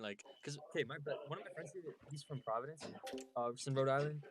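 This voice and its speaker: Fast-rambling young man telling a story. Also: medium pitch, music in the background. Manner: rambling, slangy, lots of filler words. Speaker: guest. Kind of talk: casual podcast storytelling.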